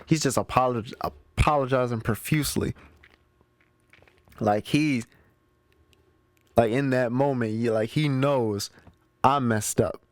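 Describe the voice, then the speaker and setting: A man's voice: mid-range voice, a little slow, long pauses, dry recording. A man hosting his own movie show, recapping the plot in a casual, slangy way and talking straight to his listeners. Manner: chatty, slangy, talks straight to the audience. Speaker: movie review show host.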